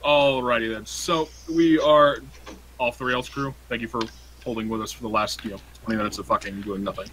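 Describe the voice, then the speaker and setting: A man's voice: mid-range voice, steady tone, brisk, fairly bright tone, a little hiss or hum, poor audio. A young man acting as game master, recapping a tabletop campaign in a laid-back, profane, joking way. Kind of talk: casual tabletop game narration.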